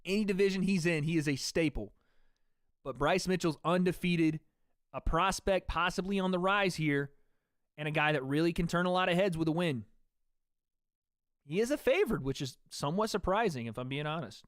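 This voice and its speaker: A livestream host gives play-by-play on a fight during a watch party, his voice a touch high and a bit bright, at normal speed. The studio-quality audio has no echo. Chatty and loose with swearing, he turns to address his chat in the gaps between calls.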